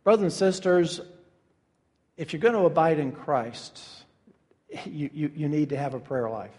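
A man's voice: fairly high pitch, a little mellow, in a large hall. A man preaching a sermon as pastor, earnest and building to emphatic peaks.

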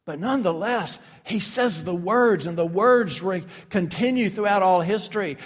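A man's voice: high voice, normal speed, hardly any pauses, breathy edge. Preaching man in a reverberant hall. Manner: dramatic, swinging from loud emphasis to hushed asides; acts out quoted figures with sarcastic mock voices. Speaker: pastor. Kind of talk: sermon.

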